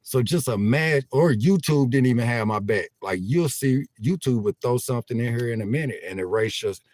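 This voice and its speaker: An older man chats casually to his viewers in an animated, laughing way, often repeating himself. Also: medium pitch, a little fast, no room sound. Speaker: vlogger livestreaming. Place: inside a van.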